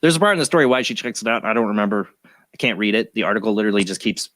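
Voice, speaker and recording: A man's voice: lowish voice, expressive, very fast, fairly bright tone, dry recording. A man hosting a paranormal talk show, reading stories aloud in a rambling, easily sidetracked way with chuckles. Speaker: host of a paranormal radio show. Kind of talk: casual chat, reading news stories aloud.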